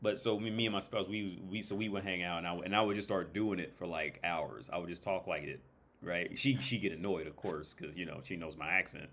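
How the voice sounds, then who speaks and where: Low-voiced American man rambling on stream. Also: brisk, fairly bright tone, a little hiss or hum. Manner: rambling, swearing, frequent restarts. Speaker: livestreamer. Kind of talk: casual livestream chat.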